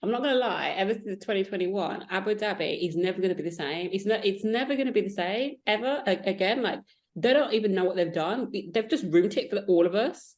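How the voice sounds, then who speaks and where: A woman co-hosting a podcast in casual chat. She tells stories in an emphatic, animated way. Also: medium pitch, brisk. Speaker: podcast co-host.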